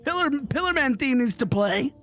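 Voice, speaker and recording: Raspy, high, lively streamer guest, joking and quick to leap into voices, faint music underneath. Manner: excitable and joking, slips into character voices. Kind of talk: casual chat on a live stream.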